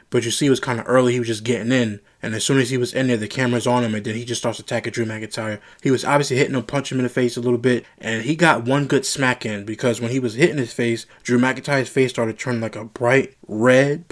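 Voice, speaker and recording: A man hosting his own show, casually recapping a wrestling broadcast in a rambling style, retelling the dialogue and lifting his voice when excited. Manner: animated, rises in pitch when excited.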